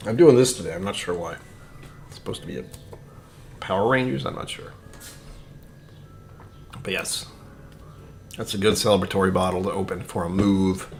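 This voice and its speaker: Streaming a casual whiskey tasting, a man rambles to his viewers, his muttered asides sinking to near-whispers. His deep voice moves at a normal speed with fairly even intonation and long pauses, over slight background noise.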